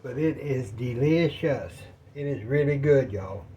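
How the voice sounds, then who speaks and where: A man's voice: medium pitch, a little slow, mellow, dull audio, a little hiss or hum. A man chatting casually and rambling to viewers while cooking in his home kitchen, a little out of breath. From Texas. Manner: folksy, rambling, talks to viewers as y'all. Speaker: cooking vlogger.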